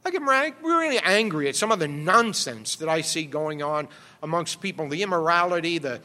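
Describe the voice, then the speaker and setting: A man's voice: a little high, animated, normal speed, sharp tone, big-room sound. A man preaching an expository sermon, earnest and rising to emphatic exhortation.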